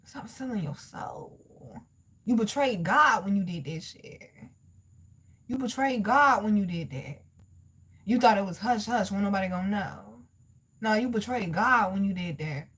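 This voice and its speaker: A woman's voice: expressive, unhurried, slightly rough. A woman giving a casual spiritual tarot reading, reading scripture aloud in an emphatic, preachy way, blunt and profane, talking straight to her viewers. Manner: emphatic and preachy, swings between loud exclamations and low asides. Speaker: tarot reader.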